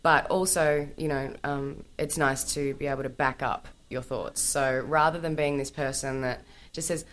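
A woman talking as a guest on a radio show, animated, opinionated and playful. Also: very deep voice, normal speed. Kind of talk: casual radio talk.

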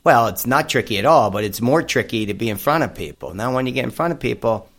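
A man's voice: mid-range voice, lively intonation, fast, fairly bright tone. Upbeat male radio host. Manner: upbeat, says "hey" a lot, storytelling. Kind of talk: casual radio talk.

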